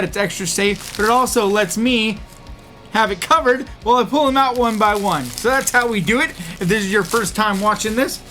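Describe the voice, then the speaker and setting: A host chatting casually to camera in an unboxing vlog, upbeat and quick to laugh. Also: mid-range voice, a bit bright. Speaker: host of an unboxing video channel.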